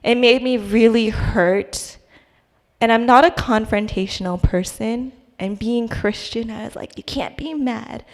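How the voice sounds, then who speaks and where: Her voice a little high and steady, the young woman moves at a measured pace through her church testimony. The talk is conversational yet hesitant, full of restarts and fillers, and a long hall reverb trails behind it.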